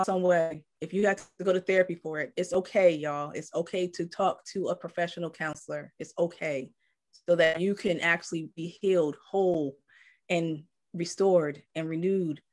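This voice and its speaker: A woman co-hosting a live talk stream, telling a heartfelt personal story and acting out quoted voices. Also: lowish voice. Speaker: co-host.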